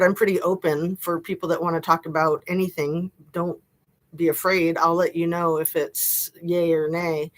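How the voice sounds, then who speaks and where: A woman's voice: on the low side, poor audio. A middle-aged woman chatting casually to viewers on a live stream from her home, rambling and laughing often. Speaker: YouTube live-stream host. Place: home room.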